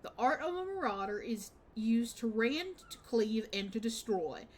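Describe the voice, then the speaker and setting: Woman playing a gruff axemaster man, formal declaiming guild leader. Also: a little high, sing-song, unhurried, a little hiss or hum. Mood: stern. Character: stern male axemaster, blunt and imposing.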